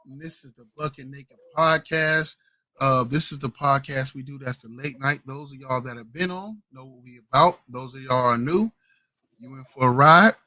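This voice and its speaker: A man's voice: mid-range voice, normal speed, sharp tone, no room sound. A man hosting a casual late-night podcast, laid-back and slangy. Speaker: podcast host. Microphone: home streaming mic, adjusting gain.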